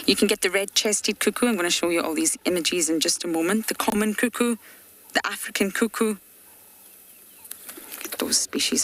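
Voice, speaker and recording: A woman safari guide giving chatty, explanatory live commentary from a game-drive vehicle outdoors, sometimes dropping to hushed asides. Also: on the low side, gravelly, slight background noise.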